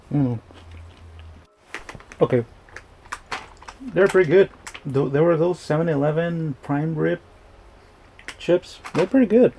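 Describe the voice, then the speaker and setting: A man's voice: on the high side, mellow, a little hiss or hum. A man chatting casually as he reacts to a movie, rambling and joking with frequent restarts. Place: indoors at home.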